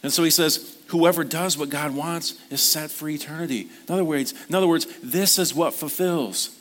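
A man's voice: a little high, moderate pace, fairly bright tone. A man preaching a sermon at a church service, speaking earnestly in a conversational storytelling manner. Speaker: pastor.

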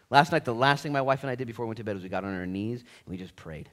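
A man preaching a sermon with casual slang, swinging between loud bursts and hushed, earnest stretches. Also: fairly low pitch, racing. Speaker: pastor.

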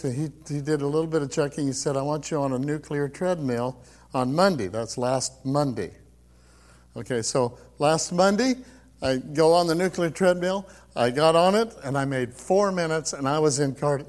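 A man's voice: a little high, a little mellow. Older man telling a testimony. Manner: storytelling, laughs often, acts out quotes. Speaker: preacher giving testimony. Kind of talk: personal testimony to a congregation.

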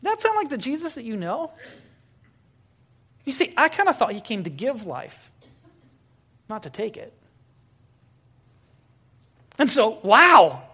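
Here a pastor gives a sermon like he's telling a story, with wry humor and rhetorical questions aimed at the congregation. He pauses often on fillers, and his mid-range voice is slightly bright.

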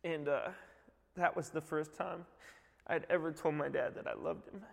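A man's voice: fairly high pitch, fairly even intonation, normal speed, vocal fry, long reverb tail. A man, a youth director, giving a heartfelt church testimony, rambling with many fillers.

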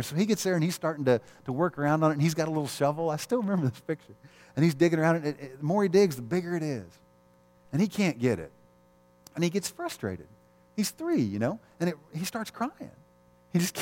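A man's voice: mid-range voice, a little mellow. A middle-aged man, a pastor, preaching a sermon in a candid, conversational way, telling personal stories and often chuckling. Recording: long reverb of a large hall.

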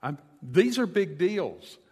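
A pastor delivers a sermon at an unhurried pace, telling a scripture story with casual asides. His voice sits a bit high for a man. The sound carries a long reverb, as from a large hall. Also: big pitch swings, darkish tone, husky.

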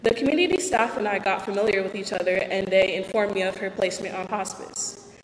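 A woman's voice: medium pitch, brisk, roomy sound, long reverb tail, a little hiss or hum, rough recording. A young woman reading out a candid, self-deprecating personal talk about faith and her own life. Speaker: speaker giving a personal testimony.

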